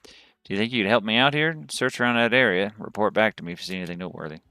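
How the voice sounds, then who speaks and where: A man's voice: lowish voice, lively intonation, fast talker, bright, forceful tone, smooth, no echo, studio quality. A man voicing a folksy, earnest cowboy quest-giver man in a video game, reading his lines aloud with a put-on cowboy drawl.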